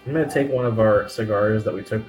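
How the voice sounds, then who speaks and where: Low-voiced man playing a tabletop game. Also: fast talker, a little mellow. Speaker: player. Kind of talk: casual tabletop play. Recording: roomy recording, faint music.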